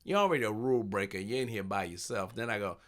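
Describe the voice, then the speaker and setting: A man's voice: on the low side, quick pace. A man who is a comedian, telling stage stories in casual chat, acting out the voices of the people in them and laughing often. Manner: animated storyteller, acts out voices, laughs often.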